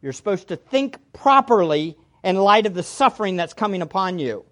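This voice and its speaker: A woman's voice: medium pitch, big pitch swings, moderate pace. A woman preaching a sermon, teaching through a passage verse by verse and repeating key phrases for emphasis.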